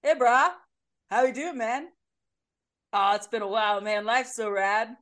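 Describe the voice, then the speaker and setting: A woman's voice: a little high, measured pace, a bit bright. A woman voicing a laid-back male band manager, a surfer bro with a froggy, Kermit-like voice and drawling slang. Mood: stoked.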